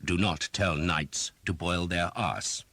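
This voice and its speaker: A man's voice: low-pitched, takes it slowly, pushed and bright, no echo, full character voice. A man voicing an arrogant, cruel knight who snarls orders in an audiobook. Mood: cold. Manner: snarling, imperious. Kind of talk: audiobook character voice.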